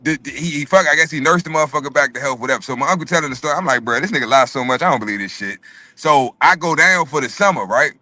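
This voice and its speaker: Man, quick animated storyteller, bright tone, dry booth sound, casual and profane. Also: mid-range voice, no echo, soft background music. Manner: animated, profane, repeats words often. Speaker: podcast co-host telling a story.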